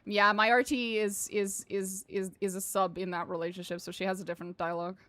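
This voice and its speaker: A woman's voice: medium pitch, flat delivery, a little fast, a bit bright, no room sound. A woman streamer chatting casually and jokily with her chat while playing a game. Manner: chatty, joking, laughs often. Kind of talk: casual livestream commentary.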